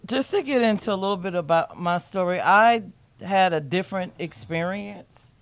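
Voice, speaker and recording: A woman's voice: medium pitch, moderate pace. A woman, casually telling a family story in a talk show and laughing often. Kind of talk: casual chat.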